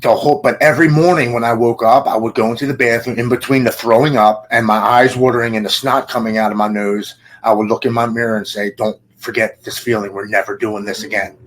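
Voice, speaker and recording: A man in his forties, a podcast guest, giving an earnest personal testimony in halting, present-tense storytelling. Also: mid-range voice, steady tone, rough recording.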